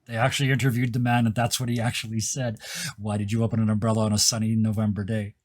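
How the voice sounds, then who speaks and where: A man runs a tabletop game as its game master, his low voice a little husky. He paints each scene in vivid detail and sinks to a near-whisper when the moment turns tense. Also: flat delivery, fast.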